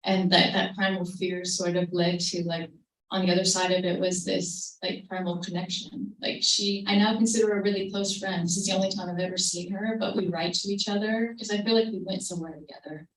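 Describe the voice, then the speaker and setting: A woman with a lowish, fairly level voice tells a gentle, reflective story to a live audience at a creative talk. Her voice carries the echo of a roomy hall and sounds a little distant from the microphone, as a livestream of the event would capture it. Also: fairly even intonation, fairly quick, slight background noise.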